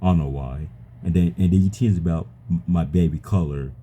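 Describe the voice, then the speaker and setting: Really low dark-voiced guy, stumbles and repeats himself a lot. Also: husky. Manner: halting, stammering, repeats words. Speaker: user chatting with an AI. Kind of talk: casual chat.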